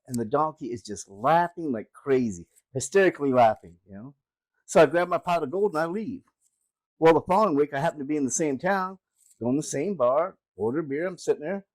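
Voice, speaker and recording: An older man hosting a comedy channel, telling dirty jokes in an animated way and laughing at his own punchlines. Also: medium pitch, rough recording. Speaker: joke-telling host. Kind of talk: casual joke telling.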